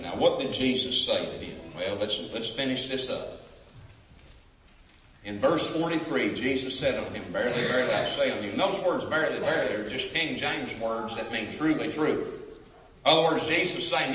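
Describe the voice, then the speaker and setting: A man's voice: medium pitch, lively intonation, a little fast, fairly bright tone. A man preaching an evangelistic sermon, calling out to the crowd for responses. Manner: emphatic, calls out to the crowd for responses. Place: large church sanctuary. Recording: echoey hall, from a distance.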